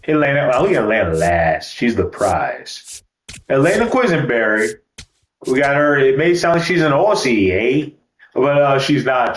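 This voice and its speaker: A man's voice: mid-range voice, slight background noise. Joking man with roomy echo. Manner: loose, joking, swears casually. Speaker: gaming YouTuber. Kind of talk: casual gameplay commentary.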